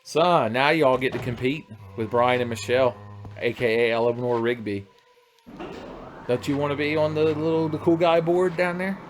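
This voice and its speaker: A man from the United States, casually chatting and joking crudely with his chat while streaming a game. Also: medium pitch. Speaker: livestreamer. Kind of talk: casual gaming livestream chat.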